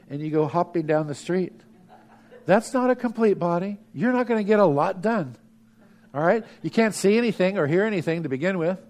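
A middle-aged man preaching a sermon as pastor, lively, sometimes dropping to a hush for emphasis. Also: a little high.

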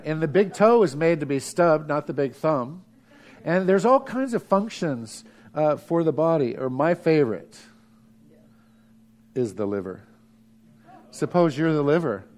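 A middle-aged man preaches a sermon from the pulpit. His voice sits a little high for a man. He swings between lively, raised lines and hushed ones for emphasis. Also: measured pace, pauses often. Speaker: pastor.

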